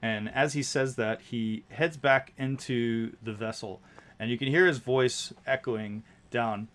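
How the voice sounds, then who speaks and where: Male game master, average pitch, halting descriptive narration. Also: steady tone, fairly bright tone. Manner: descriptive, halting, many fillers.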